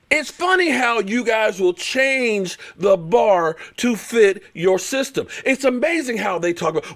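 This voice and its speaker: A man ranting on his live stream about football, sitting high in his register and swinging his pitch all over. He sounds fired up and sarcastic, mocking his rivals and hammering his points home by repeating himself. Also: expressive, unhurried, few pauses, a bit bright. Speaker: show host and former pro football player. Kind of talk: heated live-stream sports rant.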